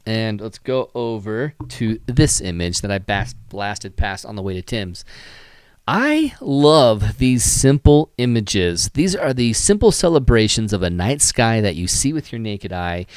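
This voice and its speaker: Tired guy yawning thru a live photo critique, rambly and hyped, clear smooth voice. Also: fairly low pitch, big pitch swings, a little slow, dry recording. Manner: enthusiastic, rambling, with many fillers and sighs. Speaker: photography live stream host. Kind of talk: casual live stream critique.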